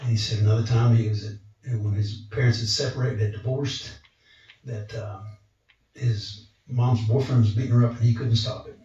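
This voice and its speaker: A man's voice: medium pitch, normal speed. A man telling a storytelling testimony to a church gathering, acting out the voices he quotes. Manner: animated retelling, acts out quoted voices. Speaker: speaker sharing testimony. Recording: roomy, distant, dull church recording.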